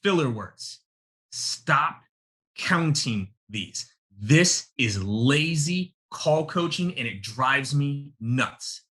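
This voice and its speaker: A man's voice: a little high, a bit bright. A man teaching a live sales-coaching webinar, emphatic and punchy, calling his audience y'all.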